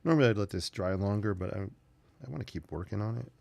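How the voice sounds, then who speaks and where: A man's voice: fairly low pitch, expressive, fairly quick, vocal fry, darkish tone, no echo. A man hosting his own sketching channel, chatting casually and thinking aloud as he draws. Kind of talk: casual narration while sketching.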